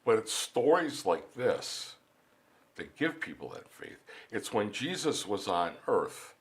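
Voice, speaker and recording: Slow-paced and fairly low in pitch, a man in a recording studio interview earnestly recounts a personal faith story. His delivery is animated, and he often repeats words as he restarts his sentences.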